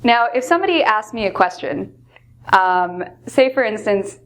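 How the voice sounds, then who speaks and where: A woman gives an English lesson in a voice of middling pitch. She explains each phrase patiently, then acts out example lines with lively emphasis. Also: moderate pace. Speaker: English teacher.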